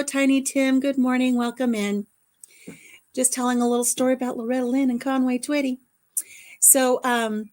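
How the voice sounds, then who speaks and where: An older woman hosting a casual livestream chat, telling stories warmly and laughing often. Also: a little high. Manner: chatty storyteller, laughs often. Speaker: livestream host.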